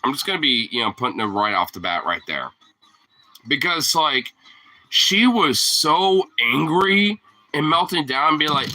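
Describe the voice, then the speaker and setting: Bright, swearing, rambling young-sounding man. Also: a little high, sing-song, measured pace, poor audio. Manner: profane, rambling, laughs often. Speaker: vlogger. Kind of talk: casual rant to camera.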